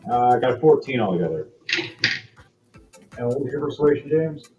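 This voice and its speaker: A man narrating as game master in a relaxed, conversational way, with quick asides to the players. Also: medium pitch, muffled recording, over music.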